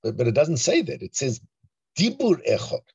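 A man teaching a Torah class in an animated, emphatic way, often asking rhetorical questions. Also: medium pitch, normal speed, gravelly, breathy edge, dry recording. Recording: dull lo-fi recording.

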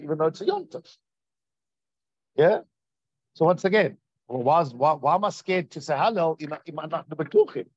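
Animated high-voiced man teaching a Torah class. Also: no room sound, highs cut off. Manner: animated, acts out quoted voices, asks the listeners questions. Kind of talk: lively Torah class lecture.

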